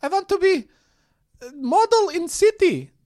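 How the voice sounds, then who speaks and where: A man voicing a loud, blunt young Russian woman from a farm, speaking broken English in a high voice with a Russian accent. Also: very animated, a little slow, exaggerated voice. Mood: complaining.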